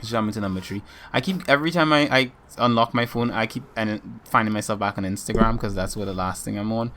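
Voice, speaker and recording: A man's voice: lowish voice, fast talker, pushed and bright. A man co-hosting a casual gaming podcast, chatting in a rambling way with lots of ums. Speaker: podcast co-host.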